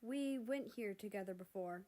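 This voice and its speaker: Woman doing a young guy actor, teasing and upbeat, slightly raised pitch, storybook reading. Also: normal speed, dark tone, close to an everyday voice. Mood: playful. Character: playful young man, an actor.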